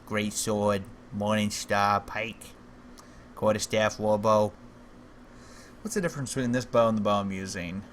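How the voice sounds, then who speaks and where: A man's voice: on the low side, steady tone, measured pace, long pauses, slight background noise. Wry, joking man streaming a game. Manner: jokey, wry asides. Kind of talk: livestream gameplay commentary, reading game text aloud.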